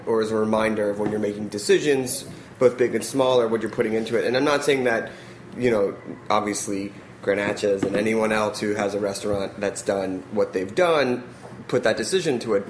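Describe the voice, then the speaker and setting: Man, host, lowish voice, rambling questions, roomy echo, faint noise. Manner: long, winding questions with fillers. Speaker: podcast host, interviewer. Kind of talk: casual interview questions.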